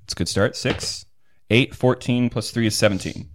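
A man's voice: mid-range voice, steady tone, moderate pace. A man playing a tabletop game casually, laughing often and stopping to think with fillers. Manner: laughing often, hesitant fillers while planning. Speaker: tabletop player.

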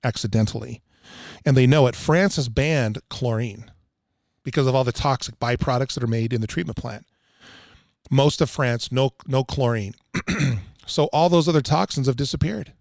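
A man's voice: mid-range voice, moderate pace, gravelly, a little mellow, dry recording, clean studio sound. A man talking casually as a podcast guest, pressing his points hard and repeating phrases for emphasis. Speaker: water filtration installer, guest. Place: Utah.

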